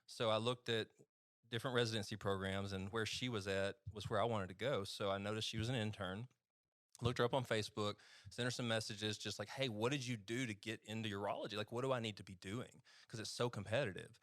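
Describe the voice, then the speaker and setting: A man's voice: on the low side, steady tone, quick pace, fairly bright tone, no echo, studio quality. A man with an East Texas accent, a physician guest telling a story in a rambling, chatty way with easy laughter. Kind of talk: casual storytelling testimony.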